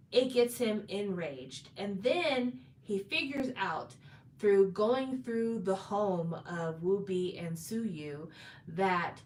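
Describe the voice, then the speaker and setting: A woman retelling a drama's plot in a chatty, casual way, with fillers and restarts. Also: medium pitch. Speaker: drama recap host. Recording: roomy echo, distant from mic, faint background noise.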